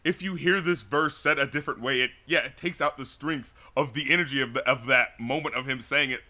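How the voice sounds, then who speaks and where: A man co-hosting a podcast, chatting casually through an album review, rambling and animated, full of "like" and "you know". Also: medium pitch, fairly quick. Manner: acts out lyrics and studio scenes in loud put-on voices.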